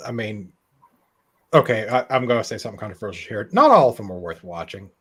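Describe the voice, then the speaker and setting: A man's voice: fairly low pitch, sing-song, fast, fairly bright tone, slightly rough. A man co-hosting a casual group chat, playful and teasing. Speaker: podcast co-host.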